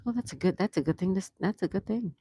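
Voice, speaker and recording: An American woman hosts a casual outdoor live stream, reading viewer comments aloud and chatting warmly back to them. Her mid-range voice is husky, and she talks at a quick pace.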